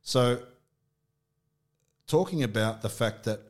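A man's voice: mid-range voice, takes it slowly. A middle-aged Australian man telling personal stories candidly in casual conversation, with frequent restarts. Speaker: podcast guest.

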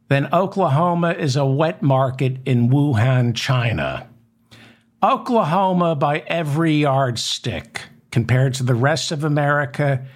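Man, news commentary host, sardonic, mocking emphasis, slow delivery. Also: medium pitch. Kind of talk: satirical political commentary monologue.

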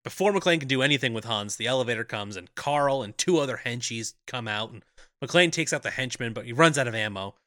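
Man, podcast co-host, casual film recap, acts out lines, lively pitch, dry close sound. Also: brisk, dry recording. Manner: laughs often, acts out characters' lines.

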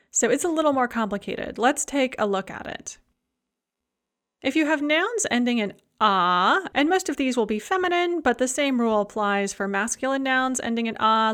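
A woman with a slightly higher voice teaches a grammar lesson. She is clear and methodical, and she reads out pairs of example words one after another. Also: a bit bright. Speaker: language teacher.

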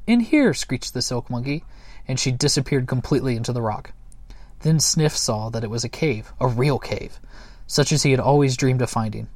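A man reading a children's book aloud in a gentle, unhurried way, with small slips and chuckles. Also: medium pitch, steady tone, dry recording. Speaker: storyteller.

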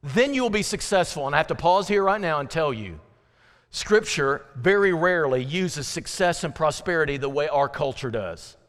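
High-voiced preacher in a reverberant hall. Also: male voice, normal speed. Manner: animated preaching with dramatic drops to quiet, earnest lines. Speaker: pastor. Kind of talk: sermon. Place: church sanctuary. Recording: church hall with long reverb.

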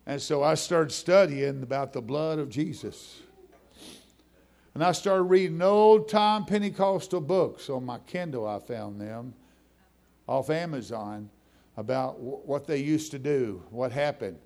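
A man's voice: mid-range voice, unhurried, vocal fry, darkish tone. A middle-aged man preaching a testimony sermon, telling his story in a conversational way that builds into fervent preaching.

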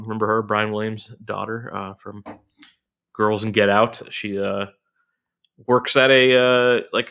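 A man's voice: on the low side, a bit bright. A man in his thirties chatting casually about movies, rambling with many ums and restarts. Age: 30s. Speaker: movie reviewer on a talk show. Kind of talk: casual chat.

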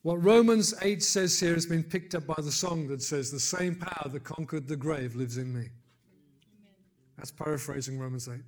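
An older man preaching a sermon, building to loud emphatic peaks and then dropping low, with conversational asides and gentle humor. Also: normal speed.

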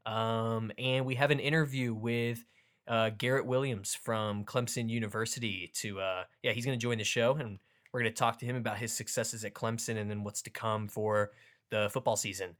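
A man's voice: on the low side, fairly even intonation, moderate pace, a bit bright. A young man hosting a casual sports podcast, upbeat and joking as he hypes up the show. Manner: upbeat, joking, hype-style show intros. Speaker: podcast host.

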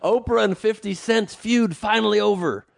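A man co-hosting a casual chat show, riffing and joking in rapid bursts. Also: high voice, vocal fry, no room sound, studio quality. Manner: riffing, jokey, rapid rants. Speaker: podcast co-host.

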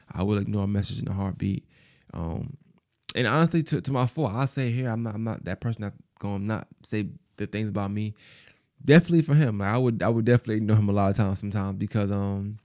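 A man's voice: fairly low pitch, warm tone, no echo, clean studio sound. A man hosting a podcast, telling a personal story in a casual, rambling way, full of fillers and repeated phrases. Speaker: podcast host.

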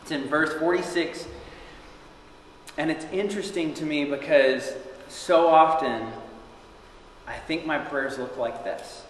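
A man's voice: fairly high pitch, slow pace, long pauses, a little hiss or hum. Young male preacher in an echoey hall. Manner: earnest, rising to loud cries when quoting scripture. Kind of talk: sermon. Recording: very echoey hall with long reverb.

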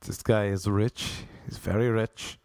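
A man's voice: fairly low pitch, steady tone, a little slow, creaky, a little mellow, no echo. A young Irish man telling rambling, self-mocking comic stories, often laughing at his own jokes. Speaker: comedian. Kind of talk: comic monologue.

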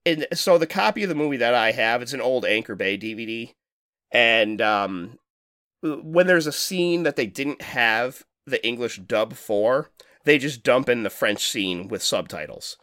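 A man's voice: medium pitch, expressive, measured pace, fairly bright tone, no room sound, studio quality. A man co-hosting a podcast in casual chat, rambling and swearing as he talks, laughing often. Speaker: podcast co-host.

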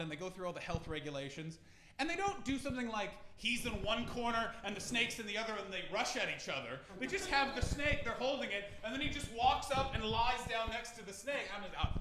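Brief: Canadian man, stand-up comic, high voice, sweary rants, roomy echoey club. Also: fast talker. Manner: animated, sweary, shouting bursts. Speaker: stand-up comedian. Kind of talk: stand-up comedy set. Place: pop-up venue in London. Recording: echoey live venue, audience noise.

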